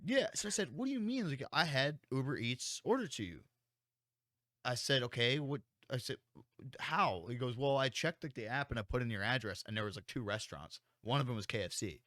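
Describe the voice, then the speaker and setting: A young male podcast co-host with a medium-pitched voice speaks a little fast over clean, echo-free studio sound. He's telling a story in casual chat, animated, swearing frequently and playing out what people said.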